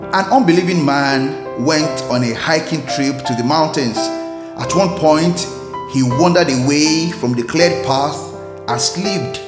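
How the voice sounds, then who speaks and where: Slow, earnest male preacher. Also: fairly high pitch, reverberant. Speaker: host and preacher. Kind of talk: devotional sermon.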